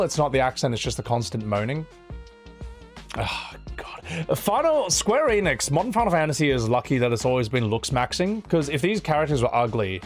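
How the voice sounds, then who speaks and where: Blunt, profane male streamer. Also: fairly high pitch. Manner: blunt, profane and opinionated, rambling with restarts. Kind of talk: casual live-stream chat.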